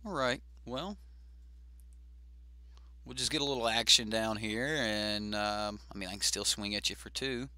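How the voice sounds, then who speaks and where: A man's voice: fairly low pitch, a little slow, pauses often, bright, forceful tone, dry recording. A man hosting a card game stream, chatting casually and thinking aloud with fillers as he plays. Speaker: host.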